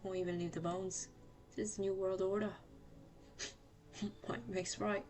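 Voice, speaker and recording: A woman doing a gruff swaggering drifter. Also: medium pitch, little pitch movement, slow, darkish tone, lightly acted. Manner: gruff, swaggering, attempted British accent. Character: rough male drifter who says survival of the fittest.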